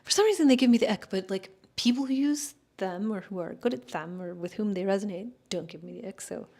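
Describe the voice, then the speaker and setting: A woman talks casually as an astrologer taking viewer questions, her voice sitting at an ordinary middle pitch. She rambles and hedges, filling gaps with fillers and doubling back to correct herself. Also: expressive, fairly quick, darkish tone. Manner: rambling, hedging, many fillers and self-corrections. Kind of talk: casual livestream chat.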